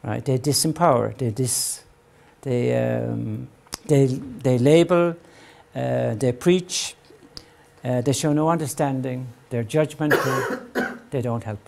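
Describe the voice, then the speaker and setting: An older man gives an earnest parenting lecture in a gravelly voice at a middle pitch. He talks to parents directly and often checks in with a questioning "right?". When he voices worried parents, his pitch lifts. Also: takes it slowly, a little mellow. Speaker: psychologist giving a talk.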